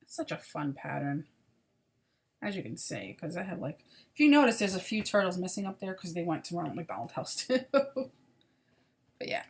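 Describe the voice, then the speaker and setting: A woman's voice: on the low side, big pitch swings, normal speed, gravelly, long pauses, slightly rough. A woman hosting a crochet video podcast, chatting casually and apologetically about her projects, sounding tired.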